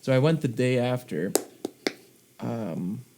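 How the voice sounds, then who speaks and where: A man's voice: medium pitch, lively intonation, slow pace, warm tone, slight background noise. A man co-hosting a podcast, telling a story in a chatty, casual way from his own remote setup. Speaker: podcast co-host. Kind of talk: casual chat.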